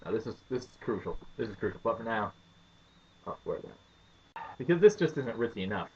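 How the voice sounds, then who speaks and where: A man's voice: on the low side, lively intonation, brisk, lo-fi sound, slight background noise. An American man in a joking home vlog, talking in a mock-serious, rambling way. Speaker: vlogger.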